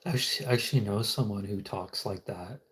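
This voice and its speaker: A man's voice: lowish voice, a little fast, a bit bright, slight background noise. A man hosting a casual solo livestream from home, rambling and muttering to himself. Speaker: livestream host.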